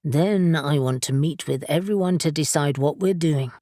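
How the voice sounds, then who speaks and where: A woman's voice: low-pitched, moderate pace, warm tone, no room sound, clean studio sound, close to an everyday voice. A woman narrator voicing a blunt young man who teases and goads his friend with certainty. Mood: determined, teasing. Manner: blunt, goading.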